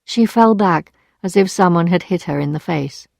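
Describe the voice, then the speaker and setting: A woman narrating a story in clear, even English for learners. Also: on the low side, normal speed, dry recording, studio quality.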